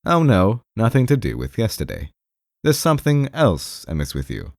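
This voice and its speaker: A man's voice: fairly low pitch, huge pitch swings, moderate pace, gravelly, dry recording, clean studio sound, pitched above the performer's own voice, exaggerated voice. A man reading an audiobook, voicing a stern male official who answers curtly and emphatically. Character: stern older male official, curt and reproving.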